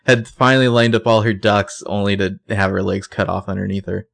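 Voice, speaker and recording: A man co-hosting a podcast, recapping a TV episode in casual, expressive chat. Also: fairly low pitch, fairly quick, gravelly, no echo. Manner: chatty and expressive, with a few filler "like"s.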